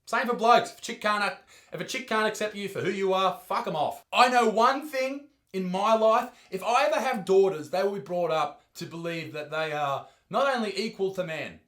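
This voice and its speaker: A man's voice: sits high, reverberant. Brash, sweary Australian man. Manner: loud, sweary, mocking rants. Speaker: comedian host. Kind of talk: profane comedic commentary.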